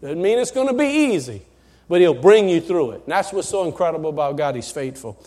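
Pastor, male, fairly high voice, folksy sermon delivery, loud bursts then quiet asides. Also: big pitch swings, brisk. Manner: emphatic, swinging between loud bursts and soft asides; folksy, conversational preaching with rhetorical questions. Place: church before a congregation.

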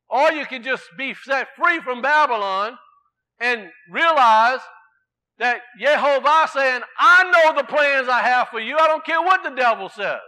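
A man preaching a sermon in a folksy way, swinging from emphatic declarations to quiet storytelling. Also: very high-pitched.

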